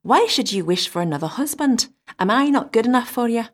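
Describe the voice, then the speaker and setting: A woman's voice: a little high, lively intonation, brisk, voice pushed up. Woman reading as a blunt, scolding fiddler. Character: gruff travelling fiddler, a disguised king.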